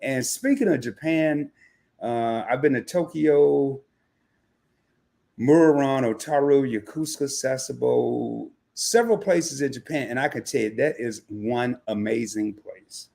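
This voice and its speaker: A man's voice: medium pitch, measured pace, vocal fry, warm tone. A man hosting a casual livestream interview, teasing his guest and laughing often. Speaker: livestream host.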